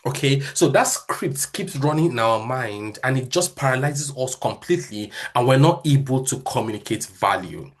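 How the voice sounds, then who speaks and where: A man with a Nigerian accent, a Yoruba first language and a slight stutter, giving a motivational talk at a church and sometimes rushing his words. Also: mid-range voice, expressive. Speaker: speaker at a church session.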